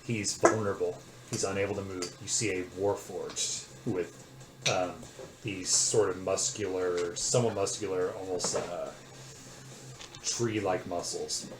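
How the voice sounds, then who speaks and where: A man narrating a tabletop game as game master, describing scenes with suspense. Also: sits low. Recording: echoey room with loud noise.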